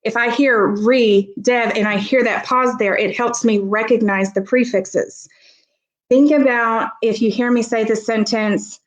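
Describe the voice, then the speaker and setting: A woman's voice: fairly high pitch, rough recording. A woman guest expert explaining child reading development in a live-streamed talk, acting out examples with her voice. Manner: explanatory, demonstrates examples with vocal emphasis. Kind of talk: live-streamed talk giving parenting advice.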